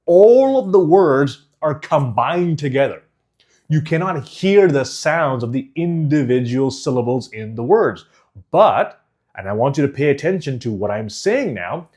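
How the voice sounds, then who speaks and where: A male speaking coach talks in a slightly high, very lively voice. He over-enunciates every syllable, leans on key words and drops in short pauses as he teaches. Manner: deliberate, over-enunciated, emphatic. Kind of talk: instructional course.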